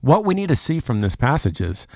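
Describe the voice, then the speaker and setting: A man co-hosting a Bible study podcast, earnest and a little preacherly. He acts out the people in the stories as he tells them. His voice sits at an ordinary pitch and sounds dry and close, with no room around it. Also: big pitch swings, a little fast, gravelly, darkish tone, dry recording. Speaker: podcast co-host. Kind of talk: casual Bible study chat.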